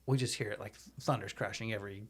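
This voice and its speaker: A man's voice: lowish voice, fast, slightly rough. Chatty man telling a story. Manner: animated, chatty, lots of "like". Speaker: podcast guest. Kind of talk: casual storytelling.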